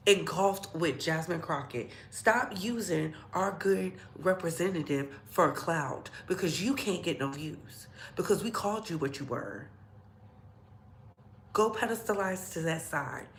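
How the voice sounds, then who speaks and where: A woman's voice: medium pitch, a little hiss or hum. Heated, profane woman vlogger. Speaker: commentary vlogger. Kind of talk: ranting commentary. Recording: echoey room.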